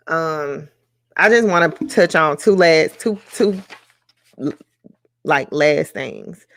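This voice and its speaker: On a live stream, a woman leads a book club discussion, sounding reflective and emotional with frequent pauses and fillers. Her voice is low-pitched and creaky.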